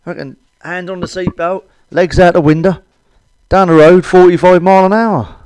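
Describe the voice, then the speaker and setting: A man's voice: high-pitched, fairly even intonation, moderate pace, darkish tone, smooth, no echo. A middle-aged British man doing a crude stand-up comedy monologue, blunt and cheeky, swearing often. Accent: British English.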